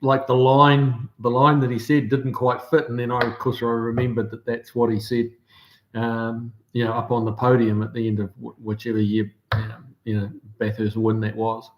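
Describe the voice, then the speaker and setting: A man with a New Zealand accent and a mid-range voice hosts a livestream at a moderate pace, his pitch barely moving. Laid-back, he chats and reads out viewer comments with lots of ums and restarts. There's slight background noise and a roomy echo.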